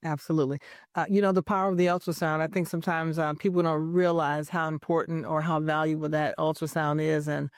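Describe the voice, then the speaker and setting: A woman's voice: low-pitched, little pitch movement, a little fast, no room sound, studio quality. A woman hosting a podcast interview, introducing her guest and offering affirming replies. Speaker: host.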